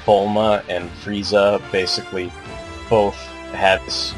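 A man's voice: on the low side, flat delivery, takes it slowly, soft background music. A man co-hosting a podcast, rambling casually about a film and swearing freely. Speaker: podcast co-host.

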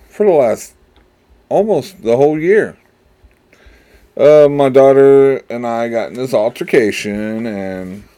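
A man's voice: fairly low pitch, warm tone. A middle-aged man hosting his own show, talking in a rambling, digressive monologue with wry complaints as a father. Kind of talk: casual monologue.

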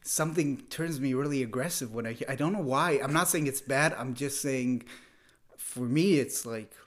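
A man's voice: mid-range voice, normal speed. A man co-hosting a casual podcast chat, ranting bluntly and jokingly, sometimes mimicking people. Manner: blunt, joking rants with mock impressions. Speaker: podcast co-host.

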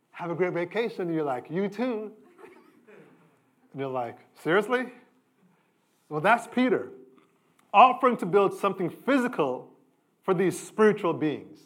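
A middle-aged man preaching a sermon as pastor, talking in a conversational way with sudden rises and drops in pitch and loudness.

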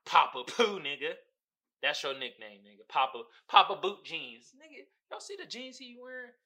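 A man rants solo on his podcast. His voice is lively and swoops up and down, with a very bright, sharp edge. He curses freely and jumps from loud outbursts to low mutters. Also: normal speed. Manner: profane, heated, swings between loud outbursts and low mutters. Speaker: podcast host. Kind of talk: casual solo rant.

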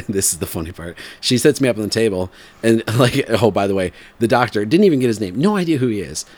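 Man, forties, lowish voice, casual storytelling, rambling, laughing. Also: animated, fast talker, darkish tone. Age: 40s.

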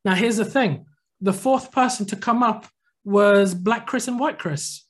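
A man's voice: high voice, measured pace. A man co-hosting a podcast, casually telling a long anecdote and acting out what people said. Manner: animated anecdotal storytelling, acts out quotes. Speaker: podcast co-host. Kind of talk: casual storytelling chat.

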